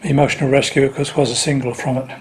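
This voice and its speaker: Man, easygoing collector vlogging, mid-pitched, rambling and dry. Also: level tone. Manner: unhurried, rambling, dry asides. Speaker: record collector. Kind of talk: casual talk to camera.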